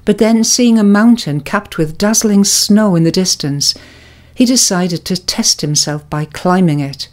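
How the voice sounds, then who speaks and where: Calm, slow-spoken woman telling a moral story. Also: medium pitch. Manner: calm, measured, reflective. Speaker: devotional presenter. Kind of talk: scripted spiritual reflection and storytelling.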